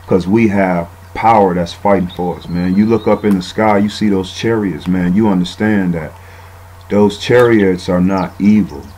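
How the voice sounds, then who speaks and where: A man's voice: low-pitched, normal speed, darkish tone, low-quality recording. A man giving a casual, rambling bible teaching, often saying "man" and using fillers.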